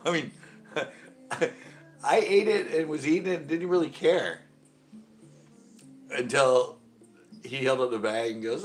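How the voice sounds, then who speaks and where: A middle-aged man hosting a casual live stream, rambling through anecdotes, laughing and loudly acting out other people's lines. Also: a little high, slow pace, pauses often, soft background music. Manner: rambling storyteller, acts out quotes loudly and laughs often. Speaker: host of a fishing channel livestream.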